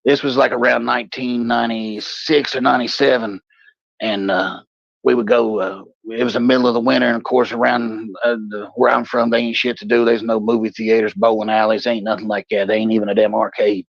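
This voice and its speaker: Gravelly, husky man telling a story. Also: a little fast, dry recording, dull audio. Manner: profane, animated storyteller, puts on high voices for quoted people. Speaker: podcast co-host. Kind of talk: casual storytelling.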